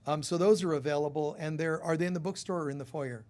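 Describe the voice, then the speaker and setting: Brief: male spiritual teacher, higher voice, rambling church announcements. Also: fairly even intonation, fast talker, darkish tone. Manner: chatty, rambling, with many fillers.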